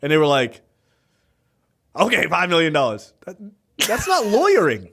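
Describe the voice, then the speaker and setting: A man co-hosting a casual film review podcast, retelling scenes in an animated way with many fillers. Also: on the high side, moderate pace, husky. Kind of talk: casual chat.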